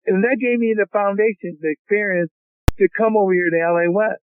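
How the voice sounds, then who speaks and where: A man's voice: high-pitched, a little fast. A man in his sixties, a college football coach, telling stories with energy during a phone interview and often calling the hosts "fellas". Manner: animated storyteller who keeps addressing the hosts as "fellas". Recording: tinny phone line with hiss.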